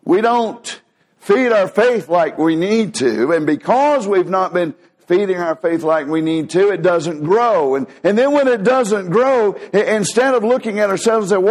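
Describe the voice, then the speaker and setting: A man, preaching a sermon as pastor, acting out quoted voices with big swings in pitch.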